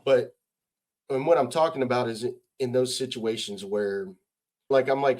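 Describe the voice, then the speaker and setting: A man's voice: medium pitch, normal speed, a little mellow. Blunt, profane middle-aged American man. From United States. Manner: emphatic, building points with rhetorical questions. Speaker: podcast guest, retired army sergeant major. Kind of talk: casual interview talk.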